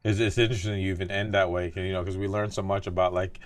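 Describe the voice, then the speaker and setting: A man's voice: sits low, level tone, quick pace. A man hosting an interview who talks in a thoughtful, casual way, filling his sentences with "like" and "right?". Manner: thoughtful, heavy use of "like" and "right?". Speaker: podcast host, doctor.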